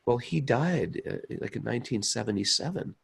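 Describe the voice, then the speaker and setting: A man's voice: medium pitch, expressive, moderate pace, gravelly, husky. A man co-hosting a casual spiritual talk show, telling long rambling stories and often repeating himself. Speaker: podcast co-host. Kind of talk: casual chat.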